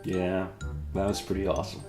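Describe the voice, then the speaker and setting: A man's voice: low-pitched, completely flat delivery, brisk, echoey room, over music. A man in a comedy sketch, talking in a dry, sarcastic and critical way. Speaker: comedy video creator. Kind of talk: comedic self-debate sketch.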